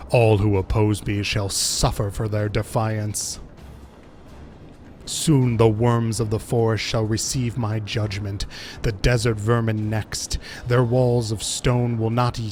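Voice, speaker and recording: A man reading the lines of a haughty, menacing female wind goddess from a video game, slow and grandiose. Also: lowish voice, steady tone, a little mellow, soft background music, voice pushed down, lightly acted.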